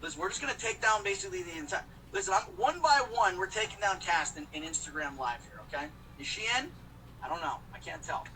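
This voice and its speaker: A man's voice: high-pitched, lively intonation, fast, sharp tone, recorded from a distance, slight background noise, rough recording. A man chatting casually on a live stream while he drives, joking and rambling to his viewers. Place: in a car. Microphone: phone.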